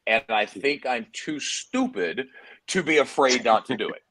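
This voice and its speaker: A middle-aged man from Texas, a guest on a video-call chat show, telling stories in a hammy, animated way and acting out what others said. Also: medium pitch, a little slow. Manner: animated storyteller, hammy, acts out quotes. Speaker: guest, PDR trainer. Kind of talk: casual chat.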